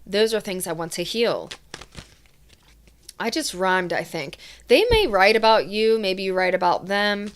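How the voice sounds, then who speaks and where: A woman tarot reader giving a reading in a soft, earnest, emotional way, voicing the feelings she channels. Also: medium pitch, expressive, normal speed, smooth.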